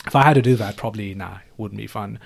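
A man's voice: lowish voice, fast talker, vocal fry. A man hosting a casual podcast chat, easygoing, with a lot of laughing and filler words. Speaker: podcast host. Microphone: podcast microphone.

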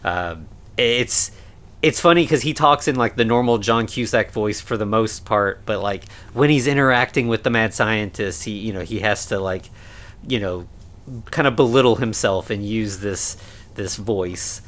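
A man's voice: on the low side, moderate pace, fairly bright tone. Rambling podcast host, man. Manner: rambling, many fillers and restarts. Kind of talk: casual film discussion.

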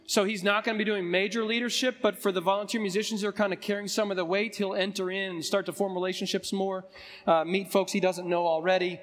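A male pastor with a voice hoarse from a recent illness, chatting through church announcements in a relaxed way with frequent ums. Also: high voice, fast talker, big-room sound. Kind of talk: pulpit announcements before a sermon. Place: church sanctuary.

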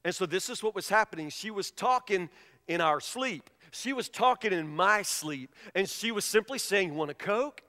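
A middle-aged man preaching a sermon as a pastor, telling stories emphatically and swinging between hushed and loud delivery. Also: sits high, expressive, normal speed. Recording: long reverb of a large hall.

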